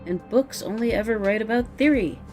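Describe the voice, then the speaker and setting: A woman's voice: a little high, brisk, darkish tone, soft background music, close to an everyday voice. A woman voicing a blunt, prickly young woman researcher who talks curtly and defensively, reading game dialogue aloud. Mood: flustered. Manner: curt and defensive.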